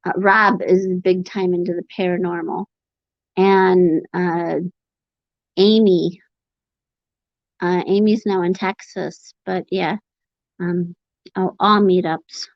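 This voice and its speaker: A woman hosting a casual livestream chat, talking in a rambling, halting way with sighs between her thoughts and answering viewers as they come in. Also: fairly low pitch, fairly even intonation, no room sound, lo-fi sound. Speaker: livestream host reading chat.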